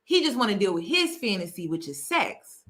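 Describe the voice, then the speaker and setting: Bright-voiced woman hosting an emphatic commentary. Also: medium pitch, sing-song, brisk. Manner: emphatic, repeats key phrases. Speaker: host. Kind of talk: casual commentary to camera.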